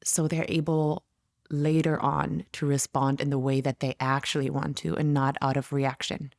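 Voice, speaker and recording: A woman's voice: rumbling low, level tone, creaky, darkish tone, no echo, studio quality. A young adult woman from Germany, a parent coach answering interview questions in an earnest, reflective way. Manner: earnest, reflective, quick bursts of speech. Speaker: parent coach, podcast guest.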